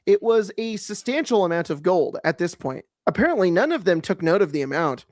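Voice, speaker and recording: Mid-pitched video narrator, dry sound, reads posts aloud with jokes. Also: big pitch swings, a little fast, no echo. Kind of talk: reading posts aloud with commentary.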